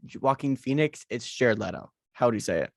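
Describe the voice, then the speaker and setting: A man's voice: mid-range voice, lively intonation, a little fast, vocal fry, no echo. Dry-sounding male podcast co-host. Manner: rambling, hesitant, many fillers. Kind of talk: casual chat. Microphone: video call.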